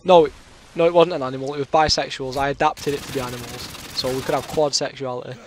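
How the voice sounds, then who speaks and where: A man's voice: medium pitch, steady tone, quick pace, a little hiss or hum. Chatty British guy with a sore throat. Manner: rambling, chatty, full of fillers. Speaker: gaming commentator. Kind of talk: casual storytelling over gameplay.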